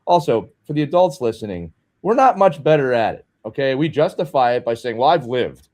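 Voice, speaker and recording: A man co-hosting a podcast, telling candid, animated stories from coaching youth hockey. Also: mid-range voice, brisk. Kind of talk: casual podcast conversation.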